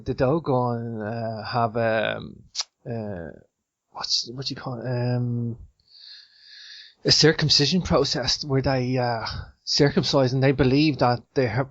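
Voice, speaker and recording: Animated male podcast host, lo-fi sound. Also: a little slow, no room sound. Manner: animated storyteller with sudden high-pitched outbursts. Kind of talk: casual chat. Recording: muffled lo-fi dry sound.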